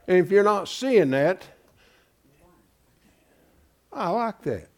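A man's voice: high voice, sing-song, slow, long pauses. A pastor preaching in an emphatic, folksy way, asking his congregation rhetorical questions. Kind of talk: sermon.

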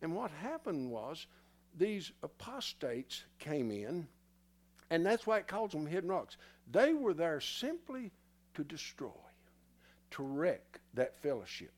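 A man's voice: fairly high pitch, very animated, slow pace. A man preaching a sermon in a church in a folksy, teasing way, somewhat out of breath. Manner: folksy, teasing the congregation, spells words letter by letter.

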